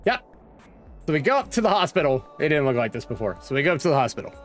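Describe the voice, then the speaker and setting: Faint music plays as a man from West Virginia, USA (also said to be from Virginia) rattles off a rambling childhood story while browsing a map for his vlog, restarting and going off on asides. His voice is on the high side and sing-song, and he speaks rapid-fire.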